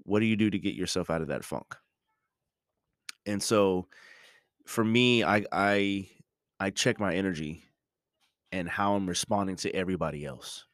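Deep-voiced man musing haltingly. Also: dry recording, clean studio sound. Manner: halting, many restarts and ums, reflective. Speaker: podcast host. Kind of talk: casual reflective monologue.

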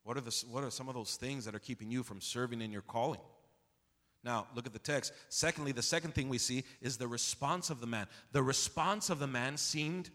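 A man pastor preaching an expository sermon with passion, swinging from low confiding tones to near-shouts and calling on the congregation to answer back. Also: brisk. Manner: calls out to the congregation for responses. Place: church sanctuary. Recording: long hall reverb in a church.

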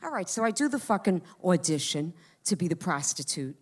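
A woman's voice: on the low side, big pitch swings, fairly quick, breathy edge. Brash, profane woman in her fifties. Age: 50s. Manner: brash, profane, talks straight to the crowd. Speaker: comedian. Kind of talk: stand-up storytelling.

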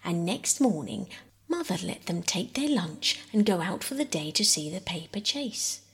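A woman's voice: lowish voice, sing-song, normal speed, creaky, husky. Woman whispering a bedtime story. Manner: soft, often whispered. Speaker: audiobook reader. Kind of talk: soft bedtime story narration.

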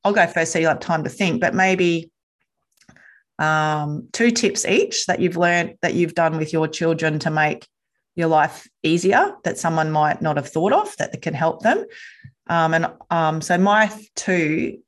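A woman hosting a podcast in casual interview chat, talking in a chatty, animated way that jumps into playful voices. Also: deep voice, measured pace. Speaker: podcast host.

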